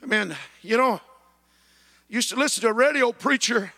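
A man preaching a sermon, punctuating with amens and rising to shouted peaks. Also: very high voice, moderate pace, big-room sound. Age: 50s. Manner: builds to shouted climaxes, chanting amen.

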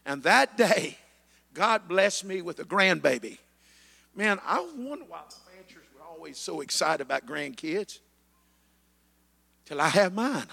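A man preaching a sermon, punctuating with amens and rising to shouted peaks. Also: a little high, expressive, unhurried, gravelly, long pauses, long reverb tail. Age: 50s. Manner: builds to shouted climaxes, chanting amen.

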